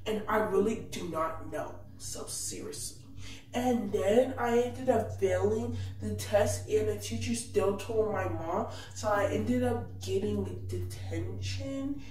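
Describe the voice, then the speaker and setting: A woman's voice: medium pitch, slow, darkish tone. A woman casually telling a personal story in a plain, matter-of-fact way. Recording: echoey room, distant mic, faint hiss.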